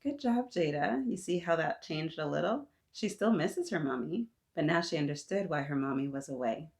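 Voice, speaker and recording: A woman reading a picture book aloud to children, adding gentle, sympathetic comments. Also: sits low, moderate pace. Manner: gentle, sympathetic asides to young listeners. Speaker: children's story reader.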